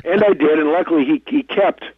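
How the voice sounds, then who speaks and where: A man's voice: on the high side, a little fast, slightly rough, dry recording. Man telling stories over a tinny phone line. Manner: rambling, self-deprecating storyteller. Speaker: actor guest. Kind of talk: casual anecdotal interview. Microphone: telephone.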